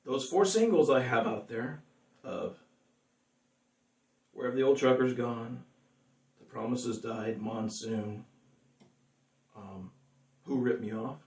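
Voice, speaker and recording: A man's voice: mid-range voice, slow pace, long pauses, darkish tone. A man, a singer-songwriter, chatting casually with viewers between songs, rambling and laughing often. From California. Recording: echoey room, mic at a distance.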